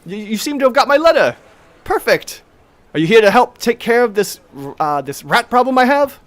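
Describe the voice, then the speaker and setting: A man voicing a bustling, cheerful halfling woman who runs a fishery, talking high and eager. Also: very animated, moderate pace, fairly bright tone, no room sound, heavily acted. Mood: welcoming. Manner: high, eager, chatty, fussing over business.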